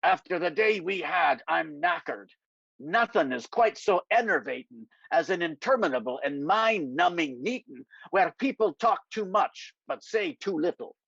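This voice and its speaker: A man voicing a dry-witted older politician, gruff and sardonic. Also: on the high side, lively intonation, a little slow, a bit bright, no echo, exaggerated voice. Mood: wry, teasing. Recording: dry, slightly dull lo-fi sound.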